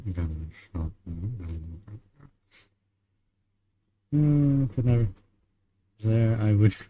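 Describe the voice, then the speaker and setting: A young man from Australia, chatting casually with viewers while he plays a game, relaxed, laughing often and swearing now and then. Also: low-pitched, a little hiss or hum. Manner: laid-back, chuckles often, swears casually. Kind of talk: casual chat.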